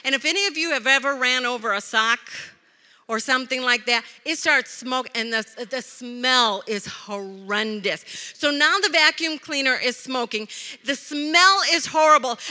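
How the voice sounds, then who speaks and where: A woman preaching a sermon to a church, telling stories in a conversational, animated way with touches of humor. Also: a little high, normal speed. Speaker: preacher, pastor's wife. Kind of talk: sermon with storytelling. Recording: long hall reverb.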